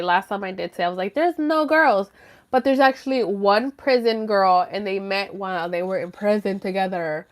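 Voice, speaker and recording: A woman hosting a casual live stream from home, chatty and rambling, swearing freely. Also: medium pitch. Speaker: livestream host. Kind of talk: casual livestream chat.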